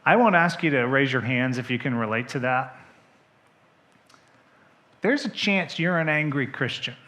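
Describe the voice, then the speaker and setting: A man's voice: medium pitch, moderate pace. A male pastor preaching a sermon, telling the story with animation and asking the congregation direct questions. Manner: animated storytelling, acting out the characters' quoted lines.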